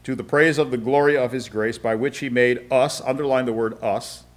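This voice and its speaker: A man with a mid-range voice teaching a Bible study to a group. He talks in a plain, conversational way and reads the text aloud, pausing often to explain and to check that his listeners follow. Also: mid-range voice, steady tone. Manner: reads scripture aloud with frequent asides.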